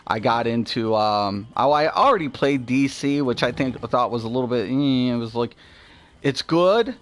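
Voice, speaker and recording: A middle-aged man hosting a gaming video, chatting casually about games as he plays, rambling and swearing a lot with animated asides. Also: medium pitch, moderate pace. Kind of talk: casual gameplay commentary.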